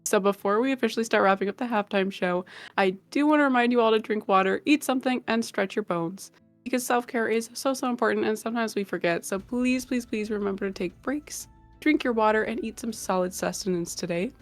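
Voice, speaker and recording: A woman's voice: a little high, fairly quick, no echo, faint music behind. A woman hosting a live stream, chatting casually with her viewers in a bubbly, giggly, gushing way. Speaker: livestream host.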